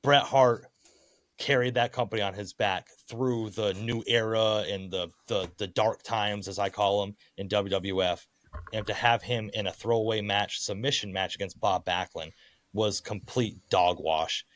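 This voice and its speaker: A man's voice: on the low side, steady tone, normal speed, fairly bright tone. A man co-hosting a podcast, ranting in casual chat, frustrated and opinionated. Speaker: podcast co-host.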